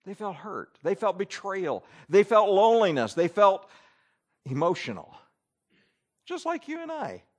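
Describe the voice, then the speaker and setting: Guy preaching, high voice that swoops all over, goes loud then quiet. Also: very animated, a little slow. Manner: emphatic, swings between loud and hushed. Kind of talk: sermon.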